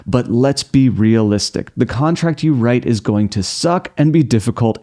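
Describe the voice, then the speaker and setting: A man hosting a scripted explainer, talking through contract myths with wry, sarcastic asides and sudden jumps in pitch. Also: animated, normal speed, few pauses, mellow. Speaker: host.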